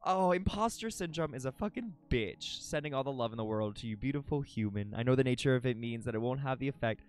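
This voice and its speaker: A man's voice: medium pitch, expressive, a little fast, few pauses, clean tone. A young man streaming live, chatting to viewers in a rambling, emotional way, swearing often and restarting his sentences. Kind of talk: casual chat with stream viewers.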